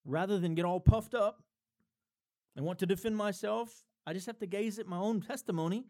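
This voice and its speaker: Man, pastor, conversational sermon, warm dark tone, fairly high pitch. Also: moderate pace. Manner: conversational preaching, rises in emphasis, chuckles between points.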